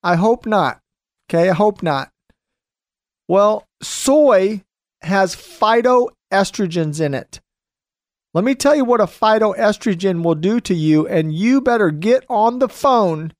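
Slow, emphatic male radio host. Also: high voice, expressive, dry recording, studio quality. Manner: emphatic, repetitive ranting. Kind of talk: radio monologue.

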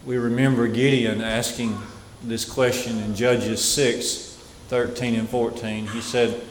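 A man preaching a sermon in a church, slow and deliberate, with dramatic pauses and repeated phrases. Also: mid-range voice, steady tone. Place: church sanctuary. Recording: echoey hall with faint noise.

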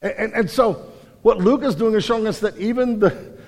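A man preaching a sermon in a lively, animated way, acting out quotes loudly. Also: high voice, moderate pace. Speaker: pastor. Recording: hall reverb.

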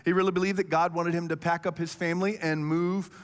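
A man in his thirties preaching a sermon, telling stories with animated energy and speeding up when he gets excited. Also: fairly high pitch, fast talker, in a large hall. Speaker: pastor.

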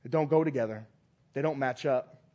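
A male pastor preaching a sermon, stressing phrases by repeating them and swinging between loud declarations and hushed lines. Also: medium pitch, fairly quick, muffled recording.

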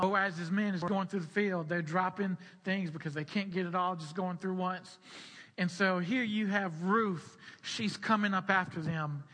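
A man's voice: high voice, sharp tone, big-room sound. A man preaching a sermon, teaching from scripture and repeating key phrases for emphasis.

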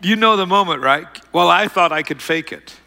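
A man's voice: high voice, normal speed, vocal fry, in a large hall. Middle-aged man telling a rambling story. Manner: rambling, self-mocking, animated retelling. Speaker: speaker telling a personal story. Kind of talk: storytelling talk to an audience.

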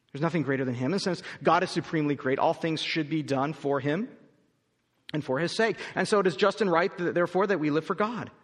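High-voiced male pastor preaching in a hall. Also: a bit bright. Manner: emphatic, argumentative preaching with rhetorical questions. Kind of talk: sermon. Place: church auditorium. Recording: long reverb of a large hall.

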